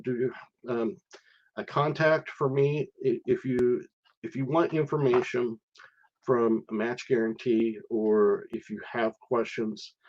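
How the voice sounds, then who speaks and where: A man's voice: mid-range voice, darkish tone, muffled recording. A middle-aged man talking casually on a live stream, hesitant, with many fillers and restarts. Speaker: live stream host sharing visa experience.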